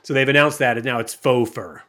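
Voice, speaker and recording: A man with an average-pitched voice chats casually on a podcast. His tone is wry and teasing, and he drops offhand jokes and little facts into the conversation. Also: fairly quick, a bit bright. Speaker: podcast co-host. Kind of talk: casual chat.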